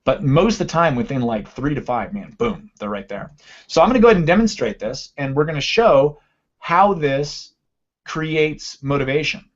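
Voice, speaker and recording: A man's voice: fairly high pitch, lively intonation, normal speed, dull audio. A man coaching a live online class, teaching a listening technique in a conversational way and often checking in with "right?". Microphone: computer mic on a video call.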